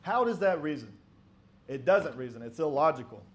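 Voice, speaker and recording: High-voiced man preaching emphatically. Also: lively intonation, moderate pace. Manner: emphatic, argumentative preaching with rhetorical questions; reads old-style scripture aloud. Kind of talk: sermon.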